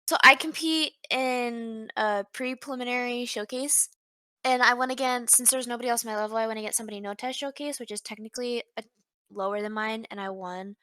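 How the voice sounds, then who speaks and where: A young woman co-hosting a casual podcast, bubbly and teasing, quick to exclaim. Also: a little high, fairly even intonation, bright, forceful tone. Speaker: podcast co-host. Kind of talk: casual chat.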